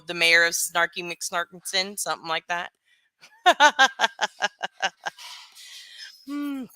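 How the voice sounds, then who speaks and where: Brief: woman streamer, blunt and salty, bright smooth voice, dry close sound. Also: on the low side, no room sound. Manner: blunt, profane, animated, greeting chat by name. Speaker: live streamer. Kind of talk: casual livestream chat.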